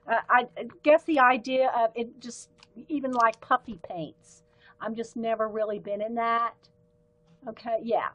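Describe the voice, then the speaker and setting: A woman's voice: fairly high pitch, fairly even intonation, measured pace, a bit bright, low-quality recording. A woman with a light Southern accent hosting a casual live art stream, chatting in a rambling way with frequent ums and self-corrections while she tries out pens at her desk. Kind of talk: casual livestream chat.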